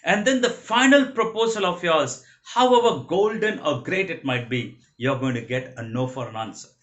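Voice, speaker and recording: A man with an Indian English accent delivers a motivational training lecture. His pitch sits fairly high and swings widely as he stresses each point, and he hammers his key phrases home by repeating them. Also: animated, normal speed, fairly bright tone, highs cut off.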